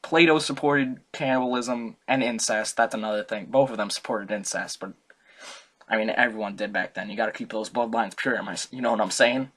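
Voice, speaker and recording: A man's voice: lowish voice, fairly even intonation, fairly quick, a bit bright. Rambling, jokey young man. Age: young adult. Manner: rambling, jokey, self-correcting. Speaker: student presenter. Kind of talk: casual comic history talk.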